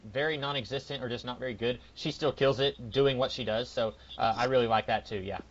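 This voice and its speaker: A young man co-hosting a casual podcast chat, animated and given to silly voice impressions. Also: mid-range voice, a little fast, lo-fi sound. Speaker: podcast co-host.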